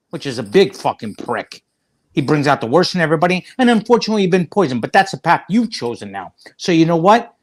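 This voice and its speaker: A man co-hosting a livestream who rants and swears, combative and heated. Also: a little high. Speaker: livestream co-host.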